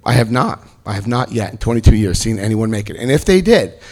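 A middle-aged man giving a comic talk about his recovery, animated and breaking into loud acted-out quotes. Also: lowish voice, a little fast. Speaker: speaker sharing his recovery story.

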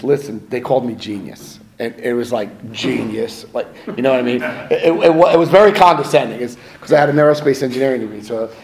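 A middle-aged man giving a personal testimony to a recovery meeting, swinging between hushed and loud and laughing at himself. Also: medium pitch, noisy background. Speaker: recovery speaker.

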